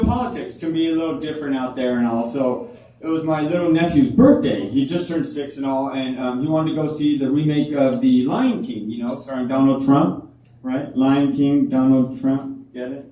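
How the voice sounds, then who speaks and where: A man's voice: mid-range voice, normal speed, mellow. A man doing a stand-up comedy set at a small club, with a rambling, filler-heavy delivery. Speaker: stand-up comic. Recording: echoey room from far off.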